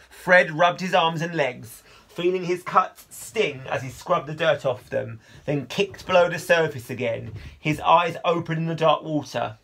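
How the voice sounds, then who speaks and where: A man, a teacher, reading a children's novel aloud with expressive storytelling. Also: on the high side, gravelly.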